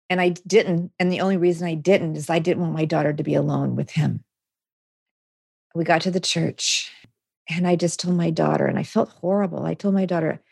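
A woman's voice: on the low side, creaky, darkish tone, breathy edge, no room sound, studio quality. A woman guest on an interview, telling her own story in a candid, reflective way. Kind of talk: personal testimony.

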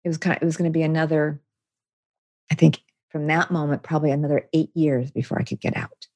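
Low gravelly woman telling her story. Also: fairly even intonation, fast talker, dark tone, no echo. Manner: candid, reflective storytelling. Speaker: interview guest. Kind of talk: personal testimony.

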